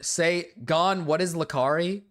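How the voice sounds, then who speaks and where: A young man streaming live, chatting casually and reacting defensively, moving between low mumbles and loud protests. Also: fairly even intonation, a little slow.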